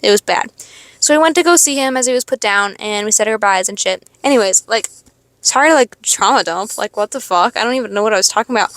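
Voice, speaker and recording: A woman's voice: medium pitch, quick pace, fairly bright tone, no echo. A young woman hosting a podcast, telling a rambling, expletive-laden personal story in a casual confessional monologue. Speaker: podcast host.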